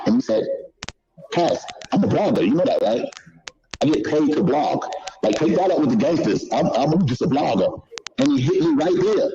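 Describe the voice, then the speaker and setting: A man's voice: fairly high pitch, big pitch swings, brisk, dark tone. A man telling stories in a casual, swearing, repetitive street-talk manner. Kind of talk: casual storytelling. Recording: dull lo-fi clip audio.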